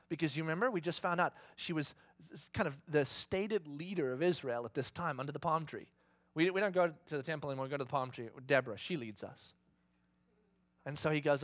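A male pastor preaching a sermon, telling a story in an animated way and asking the congregation questions. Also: on the high side, fast, no echo.

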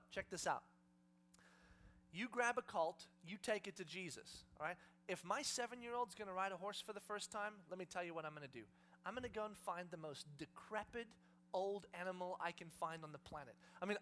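A man's voice: high voice, a bit bright, a little hiss or hum. A male pastor preaching a sermon to a congregation, telling stories with humor and animation.

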